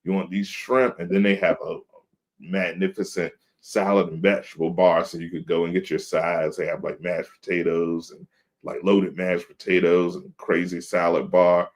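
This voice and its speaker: A man in his thirties co-hosts a podcast over a video call, his voice low-pitched and level at a normal speed. In casual chat he tells laid-back stories and acts out quotes.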